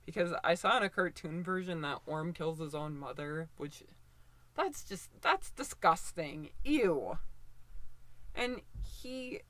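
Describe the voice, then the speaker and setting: Twenty-something woman ranting casually about shows, lots of likes and restarts, slow pace, dry sound. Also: low voice, animated, fairly bright tone, no echo. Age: 20s. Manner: opinionated, rambling with many fillers and restarts. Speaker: commentator. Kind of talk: casual commentary video.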